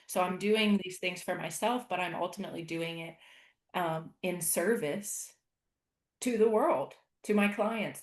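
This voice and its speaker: Low-voiced woman coach in an echoey room. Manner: earnest, animated, acts out her inner voice. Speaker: life coach guest. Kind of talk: podcast conversation.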